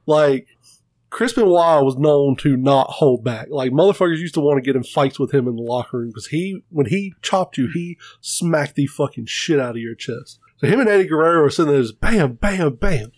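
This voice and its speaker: A man's voice: fairly high pitch, a little fast, no room sound. Profane storytelling man, dry close mic. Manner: profane, animated retelling with quoted voices. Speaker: podcast co-host. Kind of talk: casual chat, storytelling.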